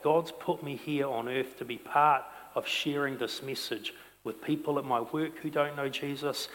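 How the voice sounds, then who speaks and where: A male pastor preaching a sermon. He swings between loud, emphatic stretches and quiet, intense ones. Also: mid-range voice, long reverb tail. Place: church sanctuary.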